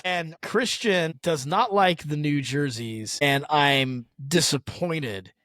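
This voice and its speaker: Guy cohosting a podcast, lots of laughing, animated stories, dry close sound. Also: on the high side, slow, no echo. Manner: laughs often, animated storytelling. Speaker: podcast co-host. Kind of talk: casual chat.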